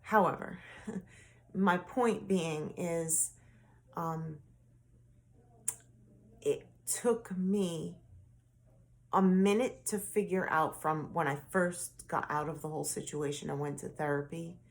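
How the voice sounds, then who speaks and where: A woman vlogger talks slowly through a personal story, her lowish voice carrying a gravelly fry. She meanders and restarts, leaning on fillers as she goes, and mostly stays soft and low-key.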